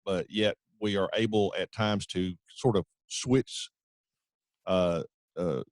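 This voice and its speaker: A man's voice: sits low, slow pace, dry recording. A man hosting an interview podcast, friendly and chatty, with frequent fillers. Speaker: podcast host. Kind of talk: casual interview talk.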